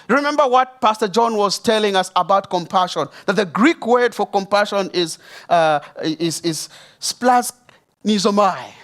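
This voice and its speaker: A man giving an emotional church testimony, talking straight to the audience. He preaches emphatically, rising loud and high, then dropping soft and low. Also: normal speed. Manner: addresses the audience directly. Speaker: speaker sharing a testimony at a church service.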